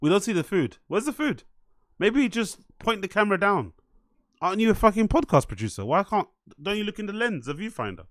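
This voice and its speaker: Man, stream host reacting, lively up-and-down voice, dead-dry close mic, swears and repeats himself. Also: high voice, brisk, no echo. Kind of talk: casual live-stream commentary.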